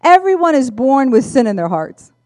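Woman playing an earnest, excited desk clerk man, punchy and animated, dry sound. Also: high-pitched, normal speed, no room sound, pitched above the performer's own voice. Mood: eager. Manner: eager, emphatic.

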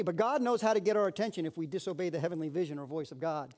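A man preaching a sermon in a lively way, acting out little scenes in quoted voices. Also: on the high side, very fast. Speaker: pastor.

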